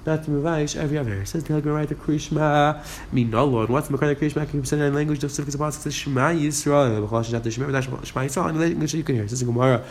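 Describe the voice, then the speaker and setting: A man teaching a Talmud page, quickly reading the Aramaic and explaining it in English. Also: medium pitch, darkish tone, a little hiss or hum. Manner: rapid, mixing Aramaic and English. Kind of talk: fast daf yomi lesson.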